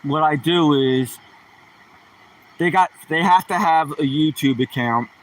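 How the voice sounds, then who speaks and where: A man's voice: fairly high pitch, unhurried, distant mic. A man hosting a casual livestream, rambling through corny jokes and mocking himself. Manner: rambling, self-mocking joke teller. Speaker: livestream host. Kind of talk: casual joke-telling livestream.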